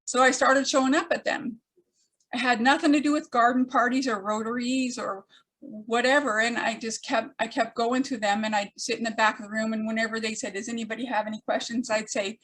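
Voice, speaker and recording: A woman's voice: fairly high pitch, steady tone, brisk, fairly bright tone. Older woman telling her own story, wry. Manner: frequent ums and restarts, wry humor. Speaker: storyteller speaker. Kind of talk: personal storytelling talk.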